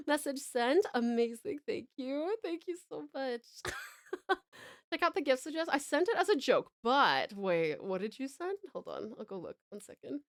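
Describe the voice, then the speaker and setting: A woman's voice: high voice, big pitch swings, unhurried, no room sound, clean studio sound. An Australian woman from Tasmania chatting with viewers on a live stream, gushing with thanks and swearing casually.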